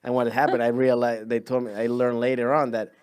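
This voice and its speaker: A young man from Venezuela with a Spanish accent, a comedian telling stories in a rambling, animated way on a podcast. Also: mid-range voice, a little fast, smooth. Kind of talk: casual chat.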